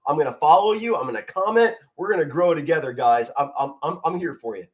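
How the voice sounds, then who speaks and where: With a fairly high, expressive voice and fast delivery, a middle-aged man from Pennsylvania calls a football game live for a fan stream. Standing before a flag at home, he shifts about as he speaks, emotional and fervent, sometimes tripping over his words.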